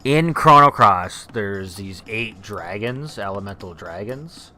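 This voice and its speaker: A man's voice: lowish voice, animated, slow pace, a crowd in the background. A man co-hosting a let's play, chatting casually and swearing now and then as he plays. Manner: laid-back, drawling, swears casually. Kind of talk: casual gameplay chat.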